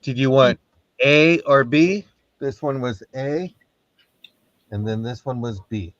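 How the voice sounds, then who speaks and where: A man's voice: medium pitch, slow, no echo. Man cohosting, dull lo-fi sound. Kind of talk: live-stream chat.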